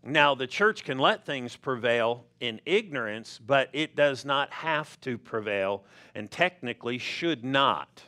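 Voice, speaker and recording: A man preaching a sermon as pastor, slow and emphatic, with stressed words rising. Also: mid-range voice, animated, bright, forceful tone. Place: church sanctuary.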